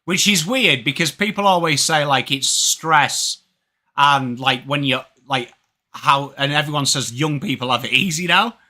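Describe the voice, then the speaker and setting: During a live sports watch-along, a chatty English-accented man from England, in his thirties, greets people in chat by name. His slightly high voice is pushed and bright, and he speaks at a measured pace.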